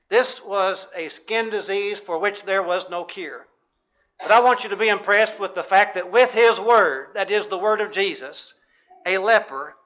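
A man's voice: sits high, bright, forceful tone. A man preaching a sermon, reading scripture aloud in old-fashioned wording and asking his listeners questions. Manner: reads scripture in King James wording, asks the listeners questions. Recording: dull lo-fi recording.

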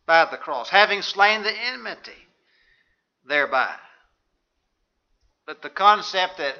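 A man's voice: high-pitched, sharp tone, dull audio. A man preaching a sermon, emphatic and rhetorical, quoting scripture in old-fashioned wording.

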